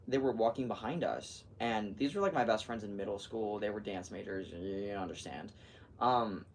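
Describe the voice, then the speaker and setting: Teen male vlogger, chatty and rambling, distant mic, light background noise. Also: mid-range voice. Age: teens. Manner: rambling, heavy use of "like", animated retelling. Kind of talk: casual chatty vlog.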